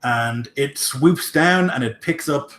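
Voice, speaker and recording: A man's voice: medium pitch, slow, a bit bright, reverberant, a little hiss or hum. A man running a tabletop game as game master, narrating loosely with many fillers.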